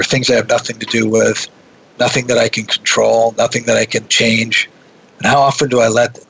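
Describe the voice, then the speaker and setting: A man recounting a personal anecdote in casual conversation, his voice gravelly and husky yet bright and forward. He gets animated as he goes, often repeating words and restarting his sentences. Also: medium pitch, no echo, low-quality recording. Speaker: guest telling a story. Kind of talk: conversational storytelling.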